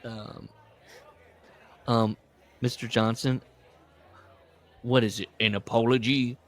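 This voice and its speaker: A man hosting a casual podcast book discussion, recapping and reading passages with lively put-on voices. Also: medium pitch, slow pace. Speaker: podcast host.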